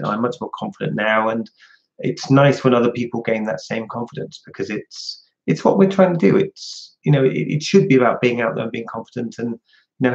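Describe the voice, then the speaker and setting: A man's voice: mid-range voice, vocal fry, dull audio. Chatty man answering livestream questions. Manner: chatty, answers viewer chat questions one by one. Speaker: livestream host. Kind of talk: casual livestream Q&A.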